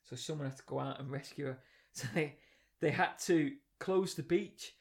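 A man's voice: fairly high pitch, moderate pace. A man co-hosting a podcast, telling stories with lots of energy and laughing often. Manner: animated storyteller, laughing often. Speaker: podcast co-host. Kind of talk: casual chat.

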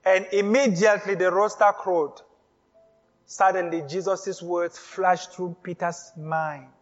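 Male pastor with a very high voice, emphatic and repetitive sermon delivery, recorded with dull sound in a big reverberant hall. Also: fairly even intonation, measured pace, faint music behind. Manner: emphatic preaching, repeats phrases, builds to shouts.

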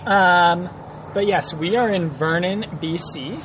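A man's voice: sits high, takes it slowly, background noise. A man co-hosting a casual podcast, giggling and rambling through his thoughts. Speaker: podcast co-host. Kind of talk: casual chat.

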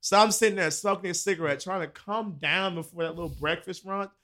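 A young man with a voice a little higher than most men's. He tells a story to his friends in an easy, animated way, slips into the voices of the people in it and swears freely. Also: a little fast. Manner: animated, acts out quoted dialogue, swears freely.

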